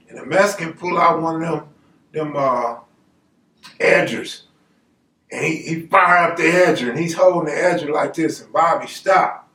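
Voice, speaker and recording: A man telling true stories on a live stream, casual and slangy, acting out voices as he goes. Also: a little high. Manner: animated, slangy, acts out voices. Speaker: storyteller host. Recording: roomy, distant mic.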